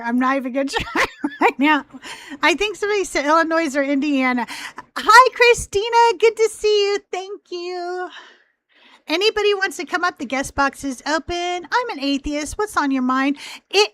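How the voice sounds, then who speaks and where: A woman's voice: high voice, a bit bright, no room sound. A woman hosting a live call-in show, chatting casually in a rambling way with a youthful, teen-like voice. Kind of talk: casual live-stream chat.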